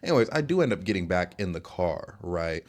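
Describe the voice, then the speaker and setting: A man's voice: low voice, a little fast. A young man hosting a podcast, telling his own dating stories in a rambling, casual way with lots of fillers. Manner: rambling, animated, many fillers. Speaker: podcast host. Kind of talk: casual storytelling.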